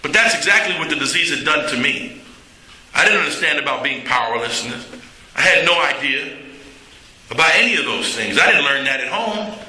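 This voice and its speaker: A man's voice: on the high side, expressive, normal speed, pushed and bright. A middle-aged man telling his recovery story to a meeting in a plainspoken, candid way, with some humor. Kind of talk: personal recovery talk. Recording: echoey hall.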